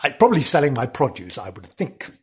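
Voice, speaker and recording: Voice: mid-range voice, very animated, fairly quick, slightly rough. A podcast host telling local history as comic stories, with theatrical gasps and words repeated for effect.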